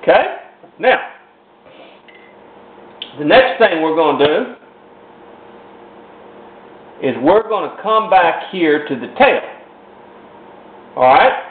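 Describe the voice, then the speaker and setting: A folksy man walks through a painting lesson at an unhurried pace, circling back with the same little phrases. His voice comes through a tinny, phone-like recording in an echoey room with a faint hiss behind him. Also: a little high, expressive. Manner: folksy, rambling, repeats "in other words". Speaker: painting instructor. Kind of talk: step-by-step painting demonstration.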